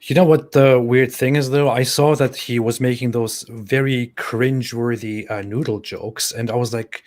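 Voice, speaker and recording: A man with a mid-range voice hosts a casual live-stream discussion. He talks haltingly, restarting his sentences and filling the gaps with "uh.". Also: mid-range voice. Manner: halting, many restarts and fillers.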